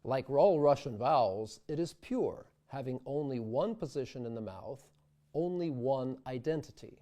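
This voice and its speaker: A man teaching sung diction, speaking slowly and carefully and demonstrating vowel sounds aloud. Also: mid-range voice, expressive, warm tone. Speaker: diction instructor. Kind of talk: instructional video lesson.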